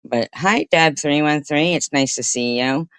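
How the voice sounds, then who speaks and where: A woman's voice: low-pitched, unhurried, smooth, dry recording. A woman livestreamer giving rambling, indignant, profane commentary to her chat.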